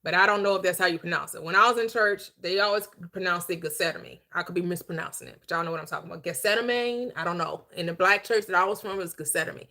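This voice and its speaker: A woman hosting a livestreamed Bible teaching, preaching in an emphatic, conversational way, slowing down to stress key phrases and chatting with viewers in between. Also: on the low side, steady tone, gravelly, pushed and bright. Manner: chatty asides to viewers, quick laughs.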